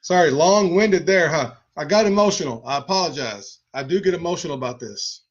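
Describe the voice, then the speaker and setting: A man's voice: on the high side, lively intonation, a little fast. A man from Texas hosting a cannabis channel, talking in an earnest, rambling way and swearing casually. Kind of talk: casual chat. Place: home video studio. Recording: slightly dull lo-fi sound.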